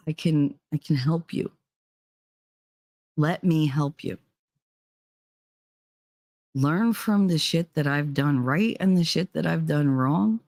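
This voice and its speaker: A woman's voice: very deep voice, darkish tone, dry recording, studio quality. A woman with a New Jersey accent giving a blunt, profane, fiery rant to her viewers. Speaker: vlogger. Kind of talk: ranting monologue.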